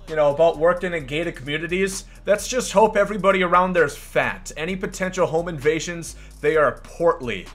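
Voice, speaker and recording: A man's voice: on the high side, fairly quick, few pauses. Joking man doing game commentary. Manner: joking, sarcastic, rambling asides; bursts of excited shouting at big plays. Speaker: YouTube gaming host. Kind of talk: casual gameplay commentary.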